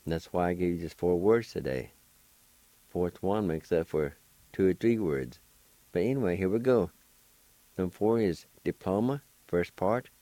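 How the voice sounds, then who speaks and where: Man, very deep voice, slow and patient, spells syllables one by one, dry studio sound. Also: warm tone, dry recording. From United States. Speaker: radio host teaching Cherokee words. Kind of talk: slow spelled-out language lesson.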